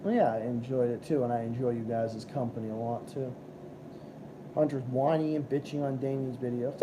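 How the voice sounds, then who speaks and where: A young man hosts a live stream, chatting casually with viewers while ranting and swearing in a combative, profane way. His mid-range voice moves at a moderate pace over a noisy background.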